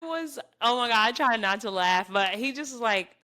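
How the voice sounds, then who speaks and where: A young adult woman from the States, co-hosting a podcast and telling animated stories in casual chat. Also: fairly high pitch, fairly quick. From southern Virginia, US. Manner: animated storyteller, addresses listeners as y'all. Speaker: podcast co-host.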